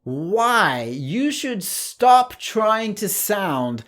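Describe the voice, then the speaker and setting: A man giving a casual online English lesson, relaxed and chatty, with light laughs and restarts. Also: high voice, very slow. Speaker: English teacher.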